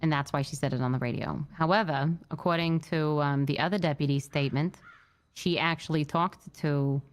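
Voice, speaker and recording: A woman playing a state trooper in a roleplay, telling what happened in an upset but measured way, with many fillers and restarts. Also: low-pitched, fairly even intonation. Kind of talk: in-character roleplay briefing.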